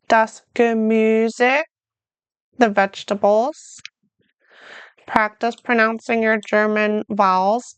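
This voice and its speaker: A woman teaching a beginner language lesson, modeling short phrases slowly and then explaining them in plain words. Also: fairly high pitch, smooth, dry recording. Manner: speaks slowly and carefully, models German phrases then translates. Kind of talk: slow, clear beginner lesson.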